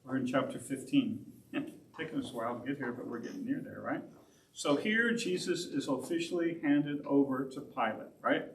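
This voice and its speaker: A pastor from Oregon teaches a Bible study at a middling pitch, wandering into asides as he goes. He sounds set back from the microphone in an echoey church classroom, with a faint hiss underneath. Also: normal speed. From Oregon, USA. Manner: rambling, conversational, with self-aware asides. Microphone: distant room mic. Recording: roomy, distant, faint hiss.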